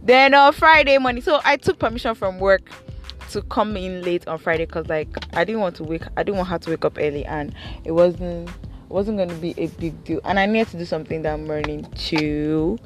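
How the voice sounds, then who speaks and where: A woman's voice: fairly low pitch, fairly quick, faint music behind. A young woman with a Nigerian accent chatting playfully about her week in a car, slipping into Pidgin. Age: young adult. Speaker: vlogger. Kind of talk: casual storytelling chat.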